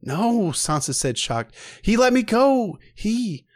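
A man's voice: high voice, very animated, normal speed, no room sound, voice pushed up. A man voicing a breathless young noble girl. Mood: joyful.

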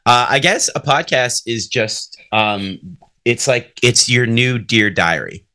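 A man's voice: mid-range voice, expressive, slow, bright, forceful tone. A man co-hosting a podcast in casual chat, joking and sarcastic, swearing freely. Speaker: podcast co-host.

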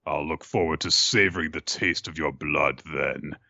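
A man's voice: very deep voice, normal speed, vocal fry, bright, forceful tone, no room sound, pitched below the performer's own voice, heavily acted. A man voicing a giant, boastful male werewolf in a casual retelling, with a mock-grand delivery. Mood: grandiose. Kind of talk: casual recap with impressions.

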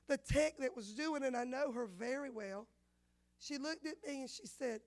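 A woman, a women's pastor telling a personal testimony in a sermon, animated and acting out the dialogue. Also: high-pitched, moderate pace. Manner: animated storyteller, acts out dialogue.

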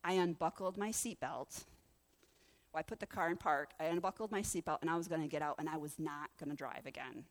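A woman pastor preaching through a lively personal story, acting out the voices of the people in it. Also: deep voice, fairly quick. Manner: animated, acts out the voices in her story. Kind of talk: sermon storytelling.

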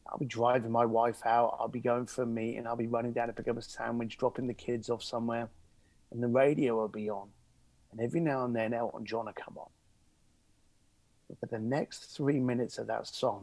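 A man as an interview guest, telling an anecdote in a lively conversational way and acting out the voices of the people in it. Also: mid-range voice, brisk, dry recording. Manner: animated, acts out the voices in his anecdotes. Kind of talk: conversational storytelling.

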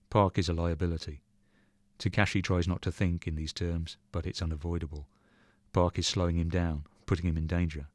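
Deep-voiced man reading a story. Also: a little mellow, no room sound, studio quality. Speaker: reader. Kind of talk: reading a short story aloud.

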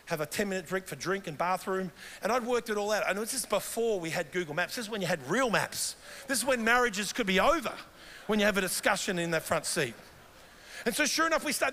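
A middle-aged Australian man preaching a sermon in a church, telling animated personal stories. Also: high voice. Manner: animated storytelling, mimics his wife in quoted dialogue. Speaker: guest pastor. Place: large church hall. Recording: long hall reverb.

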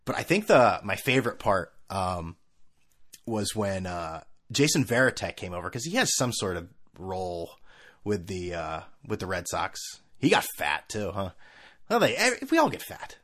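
A middle-aged man hosting a casual sports rant, animated and laughing, often mimicking people in funny voices. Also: sits low, moderate pace.

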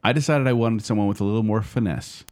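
A man's voice: fairly low pitch, fast talker, a little mellow. A man co-hosting a casual podcast chat about movies, talking animatedly with frequent restarts. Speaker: podcast co-host.

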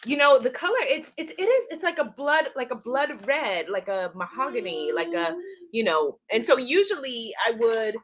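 A woman hosting a casual livestream, gushing excitedly and talking to her viewers. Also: on the high side, moderate pace, slight background noise. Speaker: livestream host unboxing a tarot deck.

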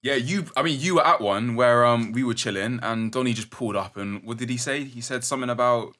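A man's voice: mid-range voice, pushed and bright. Slangy young London man asking questions. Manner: slangy, quick to ask follow-up questions. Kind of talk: casual chat.

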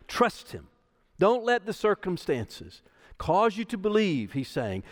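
A man's voice: sits high, long reverb tail. A man preaching a sermon as pastor, emphatic and repeating key phrases for stress. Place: church sanctuary.

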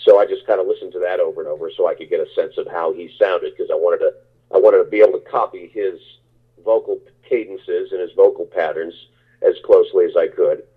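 A man's voice: sits low, fairly even intonation, brisk, husky. A man, an actor, answering interview questions in a rambling, casual way with many restarts. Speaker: actor guest. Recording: tinny phone-like line.

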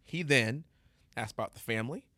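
A man telling an animated story in casual podcast chat, laughing often and stumbling over his words. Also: mid-range voice, fairly quick, no echo, studio quality.

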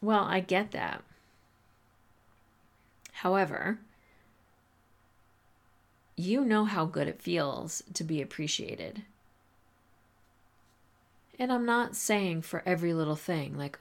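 Low gravelly-voiced woman chatting. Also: animated, slow, pauses often. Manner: chatty, filler-heavy, laughs often. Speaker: podcast host coaching teachers. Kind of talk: casual advice talk.

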